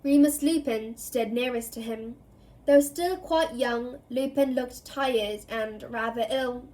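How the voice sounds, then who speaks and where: A woman reading a novel aloud in an expressive storytelling way, giving each character a voice. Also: fairly high pitch, takes it slowly. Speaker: reader.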